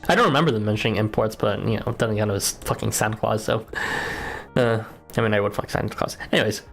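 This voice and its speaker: A man's voice: on the low side, quick pace, creaky, a bit bright, soft background music. A man casually commenting on a game he plays, joking and rambling in asides. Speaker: game streamer. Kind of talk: casual playthrough commentary and reading game lines aloud.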